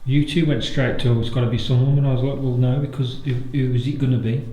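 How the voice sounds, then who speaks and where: A man's voice: medium pitch, steady tone, fast, mellow. An Englishman leading a ghost hunt, talking casually with a blunt, skeptical manner and cursing freely, recorded in an underground bunker. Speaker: paranormal investigator, lead of the team. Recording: echoey underground room.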